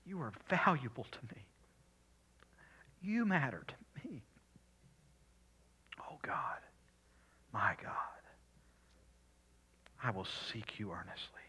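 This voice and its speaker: A man pastor preaching and praying, swinging between loud appeals and soft whispered prayer. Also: mid-range voice, huge pitch swings, slow pace, long pauses, breathy edge. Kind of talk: sermon and prayer.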